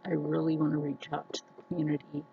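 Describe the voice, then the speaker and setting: A woman vlogger talking earnestly to her viewers, telling personal stories slowly with many restarts. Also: sits low, completely flat delivery, creaky, phone-quality sound, slight background noise. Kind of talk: casual personal talk to camera.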